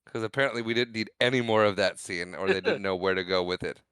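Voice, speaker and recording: A man's voice: on the low side, quick pace, a bit bright, smooth, no room sound, clean studio sound. A man co-hosting a podcast, casually retelling a movie's scenes and laughing often at them. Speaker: podcast co-host. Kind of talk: casual movie recap chat.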